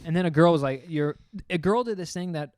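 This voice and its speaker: Brief: young male comedian, lively storyteller, smooth clear voice. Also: fairly high pitch, quick pace, dry recording, studio quality. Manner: animated, rambling, acts out quotes. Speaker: comedian and podcast host. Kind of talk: casual storytelling chat.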